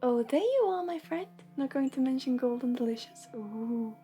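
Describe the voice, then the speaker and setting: A woman hosting a livestream of intuitive readings and healing, speaking softly and gently, often half in a whisper. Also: sits high, animated, normal speed, soft background music. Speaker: intuitive reader and healer.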